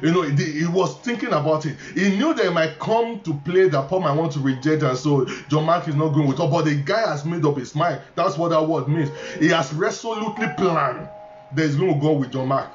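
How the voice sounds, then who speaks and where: A man's voice: a little high, fairly quick, soft background music. A male pastor with a Nigerian accent preaching a sermon, repeating key phrases emphatically, with stammering restarts. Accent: Nigerian English. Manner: repetitive, emphatic, stammering restarts, chuckling asides. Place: church hall. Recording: echoey, dull church recording with faint ambience.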